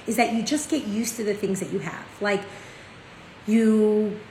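A woman teaching a casual Torah lesson. She tells stories in a chatty, animated way, often checking in with "right?". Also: mid-range voice, a little slow. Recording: echoey room with faint ambient noise.

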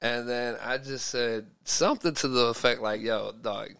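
A man's voice: medium pitch, normal speed, clear, resonant tone. A man co-hosting a podcast, telling stories in casual chat with lots of slang and swearing. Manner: animated storytelling, heavy slang and swearing. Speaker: podcast co-host.

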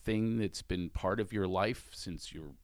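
A man's voice: sits low, measured pace, no room sound, clean studio sound. A man hosting a talk show, chatting in an earnest, reflective and encouraging way with his guest. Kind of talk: casual interview chat.

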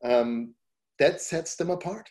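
Rambling man with a mellow voice. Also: on the high side, takes it slowly. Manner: rambling, repeats "you know, it's like" often; grows emphatic when making a point. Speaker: podcast guest, company founder. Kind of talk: casual interview answers.

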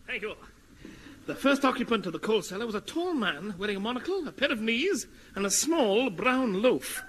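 An excitable, gullible young hero with a very high, eager and theatrical voice that bounces around in pitch. He giggles through his lines. He is heard on an old radio comedy recording under loud hiss. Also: moderate pace. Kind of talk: 1950s radio comedy acting.

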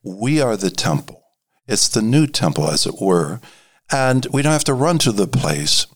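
A man preaching an informal sermon, halting, with many fillers and restarts, and dropping to a hushed voice for emphasis. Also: lowish voice, very animated.

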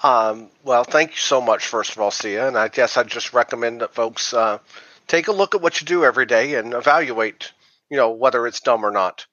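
Man interview guest, mid-pitched voice, measured with fillers, dull dry remote audio. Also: a bit bright, no echo. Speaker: podcast guest, author. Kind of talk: casual interview answers.

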